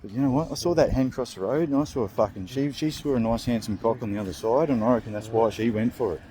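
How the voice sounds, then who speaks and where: Brief: young Australian bloke, crude comic vlogger, laughs a lot, mid pitch. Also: male voice, quick pace, mellow, slight background noise. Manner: crude, joking, laughs often. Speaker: vlog host. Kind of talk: rambling comedic vlog.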